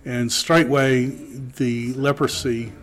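A man teaching a Greek class, slowly reading Greek aloud and then translating it. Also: mid-range voice, flat delivery. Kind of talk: classroom lecture.

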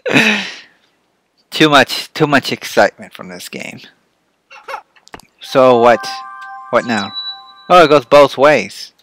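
A man playing a platform game and commenting, often yelling and cursing at enemies, then calming down to chat with his viewers. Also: medium pitch, slow pace, long pauses, slight background noise. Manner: excitable, swearing, yelling at the game. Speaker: let's play host. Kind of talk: gameplay commentary.

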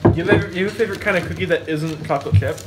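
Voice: mid-range voice, racing, heavy background noise. A friend joining a home baking video, chatting playfully and joking around. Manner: playful, jokey, animated. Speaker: friend and guest. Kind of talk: casual chat.

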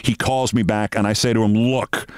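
A man's voice: fairly low pitch, steady tone, clear, resonant tone, no room sound. Man in his sixties telling a story. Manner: brisk storyteller acting out quoted dialogue. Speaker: host. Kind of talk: anecdotal storytelling monologue.

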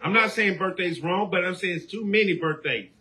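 Man, sermon, high pitch, forceful tone, call-and-response shouting. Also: brisk. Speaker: preacher.

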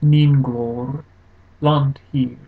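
A man reading out example words one at a time, slowly and deliberately, for a language lesson. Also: medium pitch, little pitch movement, husky. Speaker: guest reader of example words. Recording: tinny phone-like recording.

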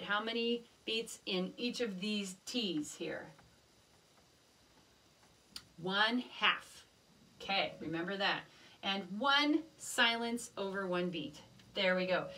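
A woman teaching a music lesson to young children, gently encouraging and chanting rhythm syllables in a sing-song voice. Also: on the high side, recorded from a distance.

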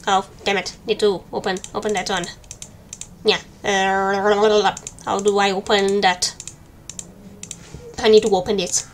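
A woman's voice: medium pitch, flat delivery, unhurried, long pauses, a little hiss or hum. A woman streaming a game with casual, joking commentary and flustered muttering. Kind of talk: casual let's-play commentary.

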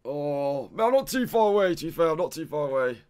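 A man's voice: a little high, animated, fast, a little mellow, clean tone. A young man streaming a guessing game, frustrated and swearing, tacking "mate" onto almost everything he says. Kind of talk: casual live-stream gameplay commentary.

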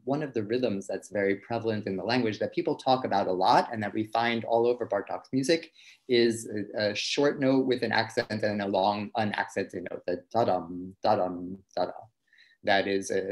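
A man with a somewhat low voice gives an informal talk as a violinist. He explains things thoughtfully and often stops to restart a phrase as he searches for the right words. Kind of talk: informal lecture.

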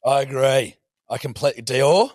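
A man's voice: mid-range voice, normal speed, darkish tone, no room sound, studio quality. A man co-hosting a podcast in casual chat, joking crudely and swearing a lot. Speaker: podcast co-host.

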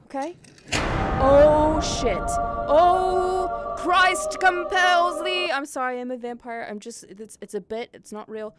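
A young woman streaming a VR horror game, jumpy and quick to yelp and swear at each scare. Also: fairly high pitch, a little mellow, soft background music. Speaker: VTuber streamer. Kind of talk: horror game livestream commentary. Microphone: headset in VR.

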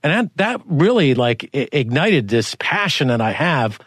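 A man hosting a podcast interview, asking long rambling questions with many restarts and sudden rises in pitch. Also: sing-song, measured pace, fairly bright tone, no echo, studio quality. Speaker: podcast host. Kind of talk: conversational interview.

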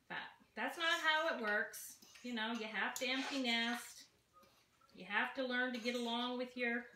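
A woman's voice: medium pitch, bright, forceful tone. A woman in her sixties talking casually to the camera in her home kitchen, chatty and folksy, speaking straight to her viewers. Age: 60s. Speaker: home cooking vlogger. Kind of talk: casual cooking chat to camera. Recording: echoey kitchen with clear background noise.

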